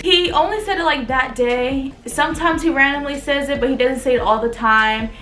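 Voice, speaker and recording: A woman's voice: high-pitched, moderate pace, fairly bright tone, roomy sound. A young woman, a mother, chatting casually to camera, with fillers of "like" throughout. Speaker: mother and family vlogger.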